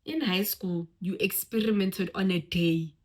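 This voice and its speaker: Animated woman vlogger. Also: medium pitch, measured pace. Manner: animated, expressive, swings from loud exclamations to hushed asides. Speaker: vlogger giving life advice. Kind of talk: casual talk to camera.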